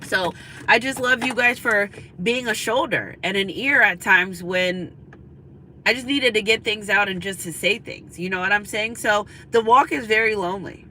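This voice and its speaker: Chatty woman tarot reader, bright voice. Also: mid-range voice, normal speed, slight background noise, poor audio. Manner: chatty, confiding, repeats "you know what I'm saying". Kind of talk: spiritual reading monologue. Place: in a car.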